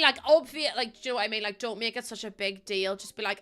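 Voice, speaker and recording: A woman's voice: on the high side, fairly quick, bright, forceful tone, soft background music. A young woman streaming a game from home, talking in a chatty, rambling way and laughing often. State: pregnant. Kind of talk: casual live-stream chat.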